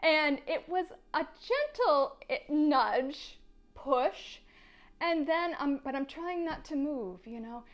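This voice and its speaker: A woman hosting a gardening vlog, telling a story in a chatty, animated way and laughing often. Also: high voice, takes it slowly. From United States. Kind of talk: casual storytelling to camera.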